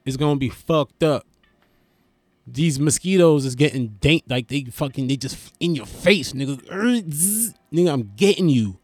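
Animated New comedian, higher voice. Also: male voice, moderate pace. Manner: animated, profane, rambling riffs with restarts. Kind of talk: stand-up style comedic monologue.

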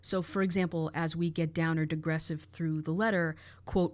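A woman's voice: sits low, fairly even intonation, moderate pace, darkish tone, no echo. A woman co-hosting a true crime podcast, carefully analyzing and reading out quoted letters. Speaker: podcast co-host.

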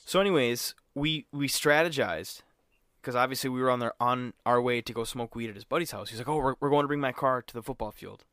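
A man's voice: mid-range voice, a little fast, a bit bright, clean tone, no room sound, studio quality. A young man co-hosting a podcast, telling a college story in casual chat, acting out quotes and swearing freely. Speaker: podcast co-host.

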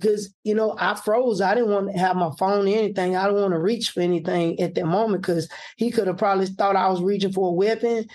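A man's voice: high voice, fairly quick, few pauses. A man, a political candidate, telling a personal story and acting out what people said. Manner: animated, acts out quoted speech.

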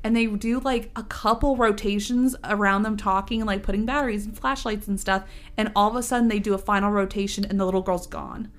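A woman's voice: medium pitch, a little fast. A woman hosting a casual chat, telling stories animatedly with lots of fillers. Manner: animated storyteller, many fillers.

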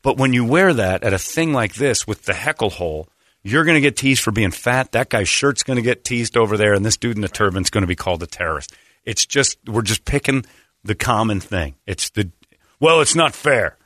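A man's voice: on the low side, brisk, no echo, studio quality. A man hosting a radio show, telling rambling stories in casual banter and acting out what people said. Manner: rambling, animated, acts out quotes.

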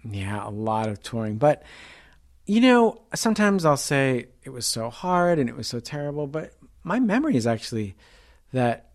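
A man, a comedian being interviewed, talking casually with many pauses and quick playful mimicry. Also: medium pitch. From United States. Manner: relaxed, hesitant, fond of mimicking accents. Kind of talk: casual conversation.

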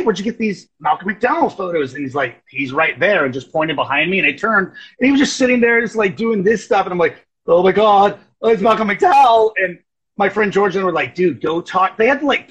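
Husky high-voiced man telling stories. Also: dull audio. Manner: rambling storyteller, animated quotes. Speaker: guest. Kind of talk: casual chat.

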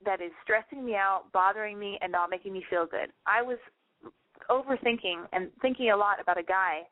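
A woman's voice: medium pitch, dry recording, phone-quality sound. A woman hosting a call-in advice radio show, blunt and profane, ranting at callers and mimicking them in squeals.

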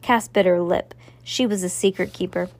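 A woman reading a children's novel aloud with steady narration, stumbling and restarting now and then. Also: fairly low pitch, normal speed. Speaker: reader.

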